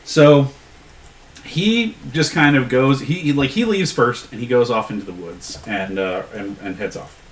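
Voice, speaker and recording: A man narrating a tabletop game as game master, halting and restarting as he describes scenes. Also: mid-range voice, poor audio. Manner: rambling, halting, many restarts.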